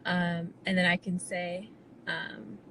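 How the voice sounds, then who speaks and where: A woman hosting an interview show, asking questions in a measured, supportive way with frequent ums. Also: on the low side, little pitch movement, fairly bright tone, rough recording. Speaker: show host. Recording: faint background noise.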